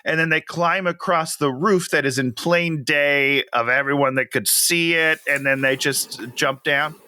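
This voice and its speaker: A man's voice: fairly high pitch, pushed and bright, smooth, no echo, clean studio sound. A man co-hosting a casual movie chat, joking wryly and laughing often. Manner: joking and wry, quick to laugh. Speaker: podcast co-host.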